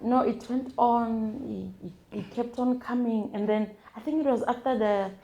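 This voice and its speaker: Halting, soft-toned South African woman. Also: a little high, creaky, lo-fi sound. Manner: halting and hesitant, with many restarts and repeated words. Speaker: guest sharing a personal testimony. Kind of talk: emotional first-person storytelling.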